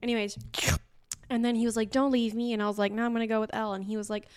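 A young woman with a fairly high, smooth, clear voice chats candidly on a podcast. She tells stories with frequent laughs and a steady stream of "like", relaxed and unfiltered. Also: very fast. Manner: laughs often while telling stories, frequent "like". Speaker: podcast co-host. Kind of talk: candid casual chat.

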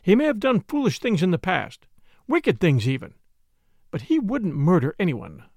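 A man's voice: high voice, huge pitch swings, moderate pace, a little mellow, no echo, clean studio sound, exaggerated voice. A man voicing an earnest, defiant young woman who pleads insistently in an audiobook reading.

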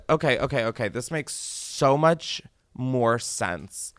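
A man hosting a podcast in casual chat, joking and animated, his voice jumping from loud squeals down to low mutters. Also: normal speed, no echo, studio quality. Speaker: podcast host.

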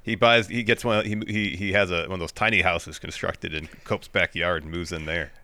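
A man's voice: low voice, steady tone, a little fast, sharp tone, no echo. An American man co-hosting a podcast, talking casually about wrestling in a matter-of-fact way. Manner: matter-of-fact, short agreeing replies. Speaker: podcast co-host.

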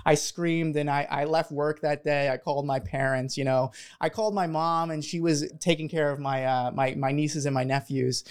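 A young man from Philadelphia, a medical student telling his story as an interview guest, talking fast and animated with restarts. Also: on the high side, clean tone.

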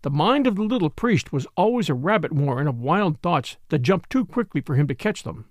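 A man narrating a mystery story aloud in an expressive storytelling style. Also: on the high side, a little fast, dry recording, studio quality. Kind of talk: scripted audiobook narration.

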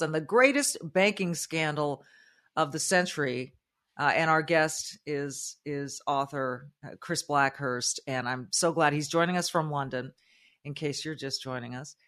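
Brisk plain-spoken woman host. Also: sits low, fairly bright tone. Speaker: radio talk show host. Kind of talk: interview host, casual.

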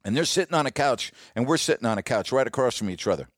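Here a middle-aged male sports broadcaster who hosts a podcast reminisces warmly in a casual storytelling monologue, talking quickly with lively intonation. He lowers his voice to quote others, and the sound is dry with no room noise.

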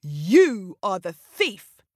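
A woman storyteller voicing a proud, stern male lion who scolds firmly and deliberately. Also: on the high side, very animated, no echo, studio quality. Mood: accusing.

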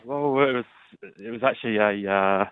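A man's voice: on the low side, moderate pace, smooth, no echo. Laconic Australian male caller on phone. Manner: laconic, hesitant. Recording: phone line.

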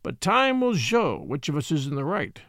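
A man's voice: fairly high pitch, very animated, normal speed, a bit bright, no room sound, studio quality. A man voicing a sly, sneering old nobleman who mocks his captive, with a harsh barking edge. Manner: leering, sudden harsh barking tone.

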